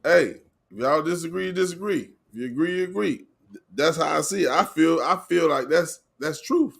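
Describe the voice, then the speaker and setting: A man's voice: fairly high pitch, animated, normal speed, vocal fry, husky. A man in his forties talking bluntly and emphatically in a casual chat, swearing freely. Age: 40s.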